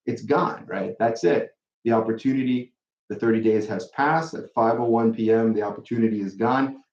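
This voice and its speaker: A personal injury lawyer with a lowish voice answers viewer questions in a casual live Q&A. He's animated, acting out the other side in quick quoted asides, and the recording sounds dull and roomy.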